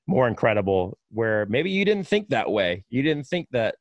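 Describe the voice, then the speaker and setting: A man's voice: medium pitch, moderate pace, dry recording, dull audio. A man hosting a podcast, a radio broadcaster who tells stories with emphasis and enthusiasm in casual conversation. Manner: animated storyteller, emphatic.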